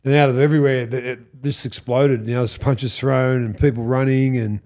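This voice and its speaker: A man's voice: mid-range voice, normal speed. An Australian man in his fifties, a former footballer, telling stories as a podcast guest and acting out the quoted people. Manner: animated storyteller who acts out quotes, swears and laughs. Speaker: podcast guest, former rugby league player. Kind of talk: casual storytelling chat.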